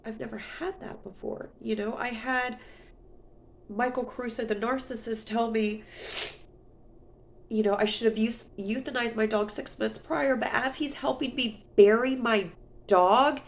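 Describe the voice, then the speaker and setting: Sniffly woman venting in a vlog, raspy fry-heavy voice, rambly, lots of "you know". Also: fairly high pitch, steady tone, measured pace, a little hiss or hum. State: sniffly, near tears. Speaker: vlogger. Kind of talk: casual storytime vlog.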